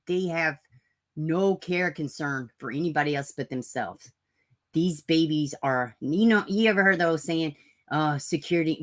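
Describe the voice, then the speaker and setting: A woman's voice: lowish voice, a bit bright. A woman hosting a true crime livestream, ranting bluntly and profanely and mocking people in sarcastic put-on voices. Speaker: true crime channel host. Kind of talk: livestream commentary.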